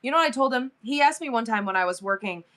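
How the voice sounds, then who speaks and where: A woman's voice: a little high, expressive, quick pace, bright, forceful tone. A woman in her forties hosting a live selling stream, talking emotionally about her son and gushing thanks to viewers. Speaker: livestream seller.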